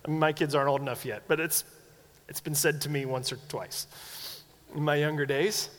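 Animated young man preaching in a hall. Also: normal speed. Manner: animated, acts out quoted voices with big pitch swings. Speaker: pastor. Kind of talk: sermon. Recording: long hall reverb.

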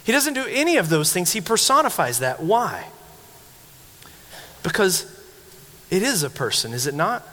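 A man delivers a sermon with a high, bright-toned voice that carries a long reverb, as if filling a large sanctuary. He tells stories animatedly, acting out quoted lines. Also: sing-song, normal speed, pauses often. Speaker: pastor.

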